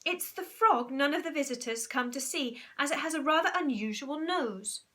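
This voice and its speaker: A woman's voice: high voice, animated, moderate pace, sharp tone, pitched above the performer's own voice. A woman voicing an eager, polite young boy who talks in an earnest, pleading way.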